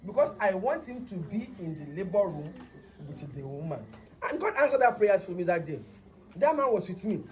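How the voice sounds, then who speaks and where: A woman nurse with a Nigerian accent telling a comic story about her work, in an animated way and mixing in Yoruba words. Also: medium pitch, normal speed.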